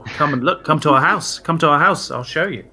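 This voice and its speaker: A man's voice: fairly high pitch, a little fast, pushed and bright. Man doing a nervous pleading nobleman's son. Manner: begging, anxious.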